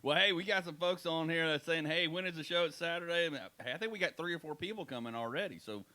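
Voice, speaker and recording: A man's voice: fairly high pitch, fast, bright, forceful tone. A man hosting a radio comedy talk show, laughing often and bantering easily.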